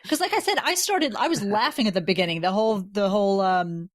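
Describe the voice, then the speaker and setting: A woman's voice: mid-range voice, expressive, fast, no echo, clean studio sound. A woman as a podcast guest, chatting casually and emphatically. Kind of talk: casual chat.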